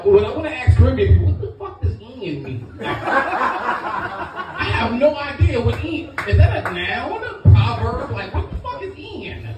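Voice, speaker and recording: A man's voice: extremely high pitch, wildly swooping pitch, a little slow, muffled recording. A middle-aged man from Brooklyn, doing a brash, profane stand-up set and teasing the crowd. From Brooklyn, New York. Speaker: stand-up comedian. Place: comedy lounge, live audience. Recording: echoey club from far off, music, crowd.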